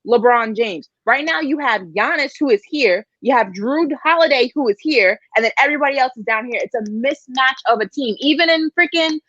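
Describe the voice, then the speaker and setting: High-voiced woman co-host, emphatic and argumentative in a heated sports debate, dry close recording, slightly dull sound. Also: lively intonation, fairly quick, hardly any pauses, a bit bright, no echo. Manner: emphatic, argumentative, repeats herself.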